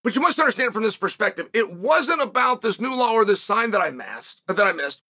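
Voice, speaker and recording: A middle-aged man hosting his own show, telling a story in a casual studio monologue and acting out the shouting he heard. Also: high-pitched, fairly quick. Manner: animated, acts out shouted quotes. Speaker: show host.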